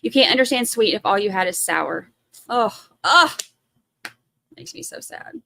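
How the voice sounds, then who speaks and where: A woman's voice: fairly high pitch, big pitch swings, a little slow, vocal fry, pushed and bright. A woman in her forties with a Southern US accent, rambling and chatty as she hosts a casual livestream commentary. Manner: chatty, rambling, heavy on fillers. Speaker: livestream host.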